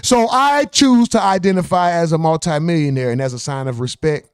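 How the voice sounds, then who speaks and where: A man's voice: fairly high pitch, fairly quick, clean tone, no room sound, clean studio sound. A man from the American South hosting a casual livestream sign-off, reading chat comments aloud in a laid-back, profane way. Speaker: livestream host.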